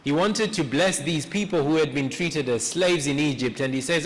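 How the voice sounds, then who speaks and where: A man preaching a sermon in a church, retelling a story in an earnest, reflective way with pauses. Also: a little high. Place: church sanctuary. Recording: echoey church hall.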